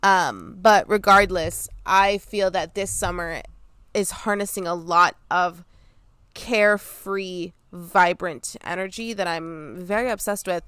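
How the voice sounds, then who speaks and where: A young woman hosting a casual solo podcast outdoors, chatty and quick to laugh, with frequent ums. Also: lowish voice, fairly bright tone, smooth, no echo, studio quality. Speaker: podcast host. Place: outdoors near an airport, under trees.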